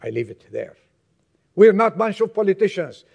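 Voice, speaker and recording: A male pastor preaching a sermon to his congregation, emphatic and moving between loud exhortation and quiet, low asides. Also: big pitch swings, normal speed, gravelly, slightly rough.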